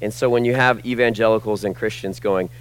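Impassioned male preacher, loud then hushed. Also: on the low side, fairly even intonation, a little fast, clean tone, rough recording. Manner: impassioned, swinging between loud emphasis and hushed asides. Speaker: pastor. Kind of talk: sermon.

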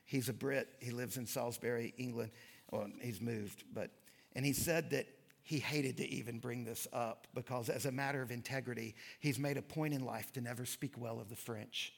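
A man giving a sermon lecture, telling stories and reading quotes with lively emphasis. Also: medium pitch, normal speed, vocal fry. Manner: animated storytelling, reads quotes with emphasis. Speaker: pastor.

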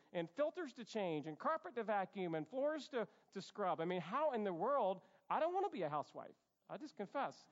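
A man preaching a sermon as a pastor, animated and conversational. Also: high voice. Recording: echoey hall, dull sound.

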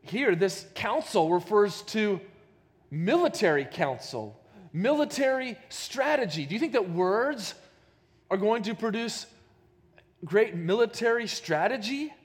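Preaching man, slightly high voice. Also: sing-song, a little slow, in a large hall. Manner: emphatic preaching, frequent rhetorical questions. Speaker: pastor. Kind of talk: sermon.

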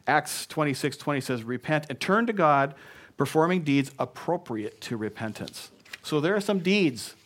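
Rich: An animated man preaching a sermon, his pitch sitting in an ordinary middle range. He breaks off to act out excuses and weak apologies, then leads the congregation in call and response. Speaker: pastor. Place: church.

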